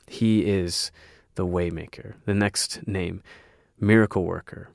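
A man preaches a sermon in an earnest, sometimes halting way, reading scripture aloud between his own thoughts. His voice sits low with a gravelly fry, and the sound is dry and close. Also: fairly even intonation, dry recording. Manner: hesitant fillers and restarts. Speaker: pastor.

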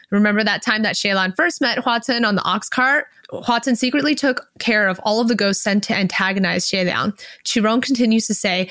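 A woman's voice: medium pitch, fairly quick, hardly any pauses, dry recording, studio quality. A woman co-hosting a book discussion podcast, chatting casually and reading a novel aloud with easy laughs. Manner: relaxed, laughs easily. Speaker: podcast co-host.

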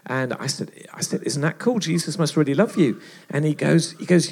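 A gravelly man preaching at a church retreat. He tells stories in an animated way and acts out other people's lines as he goes. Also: fairly high pitch, normal speed. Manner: animated storyteller acting out dialogue. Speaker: retreat speaker. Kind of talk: storytelling sermon.

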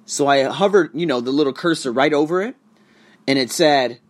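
A man ranting casually and profanely to his viewers, swinging between loud outbursts and hushed asides. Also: a little high, normal speed. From United States. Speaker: vlogger and online teacher. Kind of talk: casual profane rant to camera.

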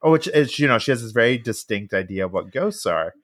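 Man, podcast co-host, casual film recap, lively swings in pitch, acts out lines, swears freely. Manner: animated, acts out characters' lines in quick bursts, swears freely.

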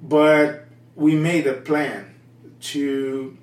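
A man's voice: on the high side, steady tone. Earnest Brazilian-accented man in an echoey room. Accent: Brazilian Portuguese. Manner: candid and earnest, with halting restarts. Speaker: missionary guest. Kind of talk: personal testimony in an interview. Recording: echoey room with a distant mic.

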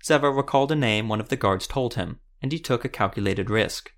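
A man narrating a fantasy audiobook in a steady, even storytelling manner. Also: medium pitch, moderate pace.

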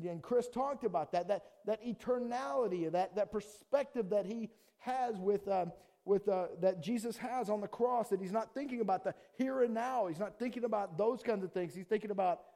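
Casual high-voiced man preaching. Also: creaky. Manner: casual, animated, acts out voices of people. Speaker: pastor. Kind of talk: sermon.

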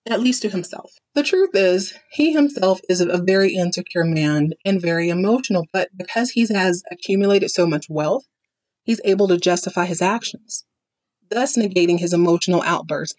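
A woman's voice: lowish voice, normal speed, a little mellow, no echo. A woman hosting a podcast, giving a sassy, dramatic, chatty recap of a TV episode. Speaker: podcast host. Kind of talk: casual TV recap commentary.

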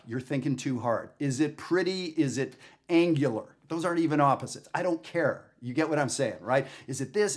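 A man in the middle of a casual video lesson, speaking at an ordinary mid pitch. He thinks out loud, second-guesses himself openly, and keeps checking in with the viewer. The talk feels unscripted and conversational. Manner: thinking aloud, candid and self-questioning; talks directly to the viewer, often tags "right?". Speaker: jazz saxophone teacher.

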